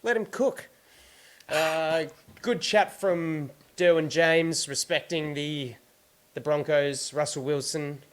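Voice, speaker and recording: A man's voice: fairly high pitch, level tone, takes it slowly, clean tone. A man with an Australian accent hosting a casual sports podcast, running through team news in an easygoing way. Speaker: podcast host.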